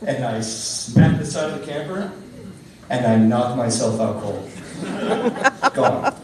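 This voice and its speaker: A young man doing a stand-up comedy set, telling stories with animated, exasperated voices for the people in them. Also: mid-range voice, takes it slowly, long pauses, very echoey, far from the mic, noisy background. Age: young adult. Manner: animated storytelling, loud exasperated character bits. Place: comedy club stage.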